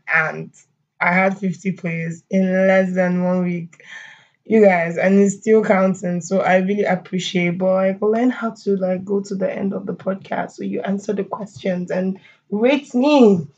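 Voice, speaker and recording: A woman hosts her own podcast solo, chatting casually with listeners, laughing often and filling her talk with fillers and asides. Her voice is medium in pitch with a darkish tone, and the audio sounds dull.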